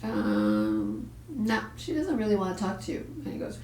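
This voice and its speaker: A woman's voice: medium pitch, sing-song, fast talker, vocal fry, darkish tone. Woman talking straight about parenting, swears a lot, echoey room, kinda far from the mic, faint hum. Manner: blunt, profane, acts out quoted voices. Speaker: parenting show host. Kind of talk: storytelling advice talk.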